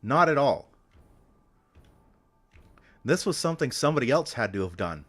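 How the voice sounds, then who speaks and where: A man's voice: medium pitch, sing-song, normal speed, fairly bright tone, breathy edge, faint music behind. A man streaming, talking to himself in a meandering, casual way, swearing often and trailing off into restarts. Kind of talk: casual rambling stream talk.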